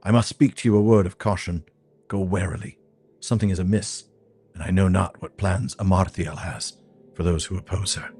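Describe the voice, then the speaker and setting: A man's voice: sits low, steady tone, moderate pace, a little mellow, husky. A man voicing a grave male quest-giver in a fantasy game, reading the quest text aloud in a solemn, archaic manner.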